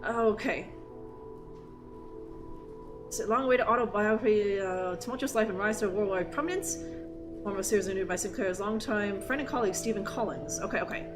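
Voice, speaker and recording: A woman's voice: mid-range voice, fairly quick, long pauses. A young woman streaming a game live, rambling, swearing and interrupting herself as she plays. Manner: rambling, profane, self-interrupting. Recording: music playing behind voice.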